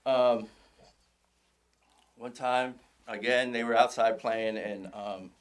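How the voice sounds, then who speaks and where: A man's voice: mid-range voice, slow pace. Middle-aged father telling stories at a eulogy. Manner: relaxed anecdotal storytelling, chuckling often. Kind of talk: informal memorial eulogy. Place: funeral home service.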